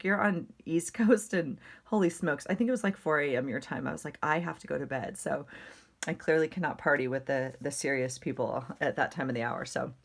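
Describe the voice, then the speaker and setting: Middle-aged mom vlogging her journal, low voice, rambly and chatty. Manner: rambling and chatty, many fillers. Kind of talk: casual chatty journal flip-through.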